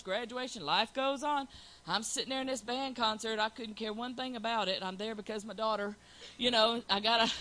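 Earnest bright-voiced woman testifying. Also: on the high side, poor audio. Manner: earnest, storytelling, Southern colloquial. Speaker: church member testifying. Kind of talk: informal church testimony.

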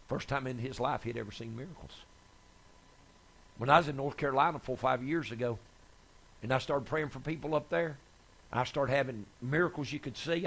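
Preacher man, gravelly bright voice, folksy sermon stories. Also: mid-range voice. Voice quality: gravelly, husky. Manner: folksy storytelling, rising to excited shouts. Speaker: evangelist preacher. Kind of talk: sermon testimony.

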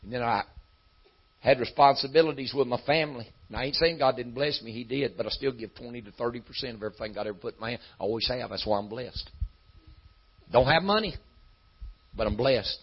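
A man preaching a sermon in a folksy style that climbs into shouting. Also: medium pitch, brisk, husky, muffled recording.

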